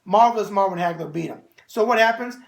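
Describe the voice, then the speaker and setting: A man's voice: high-pitched, fast talker, creaky. A middle-aged man with a New York accent hosting a boxing show, answering viewer mail in brash wise-guy banter.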